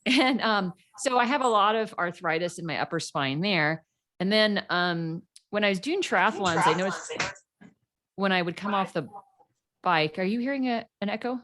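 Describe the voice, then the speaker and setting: A woman's voice: mid-range voice, moderate pace, fairly bright tone. A middle-aged woman, a podcast guest, telling her story in a casual interview and acting out the people she quotes.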